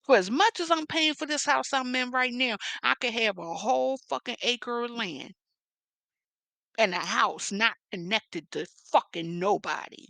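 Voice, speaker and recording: A woman with a Philadelphia accent rants on her vlog, mocking and confrontational. Her voice is fairly high and bright, and the mic is close with no room sound. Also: expressive, measured pace, vocal fry, dry recording. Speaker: vlogger. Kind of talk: profane rant vlog.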